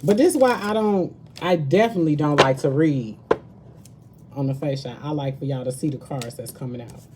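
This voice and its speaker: A woman's voice: sits low, fairly quick, heavy background noise. A woman tarot reader chatting casually with her viewers on a live stream, slangy and talkative, calling them baby and girl. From Southern United States.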